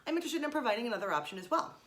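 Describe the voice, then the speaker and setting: A woman's voice: fairly high pitch, very animated, very fast, fairly bright tone. A young woman teaching a music lesson to children, explaining each step in an encouraging way. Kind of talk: online music lesson for kids.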